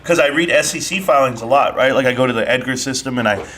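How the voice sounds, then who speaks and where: A man's voice: medium pitch, fast, noisy background. A man hosting a live online audio chat, arguing brashly and teasing his caller in a heated casual debate. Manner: brash, mocking, animated. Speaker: live stream host.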